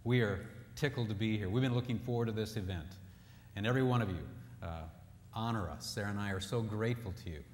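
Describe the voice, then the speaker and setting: Recorded in an echoey hall with a little hiss or hum, a man gives a funny talk at a marriage seminar. He has a lowish voice and quick pace, tells stories in a jokey way while performing the quotes, and blends in scripture.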